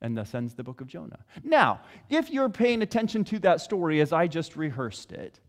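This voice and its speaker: A man's voice: a little high, moderate pace. Man preaching in a reverberant hall. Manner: conversational, animated storytelling. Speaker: pastor. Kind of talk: sermon.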